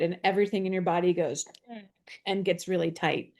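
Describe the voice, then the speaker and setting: A woman co-hosting a casual spiritual chat podcast, an affirming listener who offers gentle impressions. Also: on the low side, fairly even intonation, brisk. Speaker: podcast co-host.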